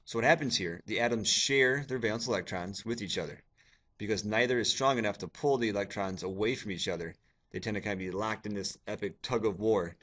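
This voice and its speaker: A man with a very low voice records a lecture for his class while clicking through slides. He talks casually and jokes a little as he explains the material to his students. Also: brisk, a bit bright. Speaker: science teacher.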